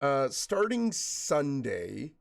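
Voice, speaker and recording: Very slow and creaky, this man's medium-pitched voice swings widely in pitch. He's streaming a game and chatting casually, joking and naming viewers as he greets them. His recovering chest cold brings on coughs.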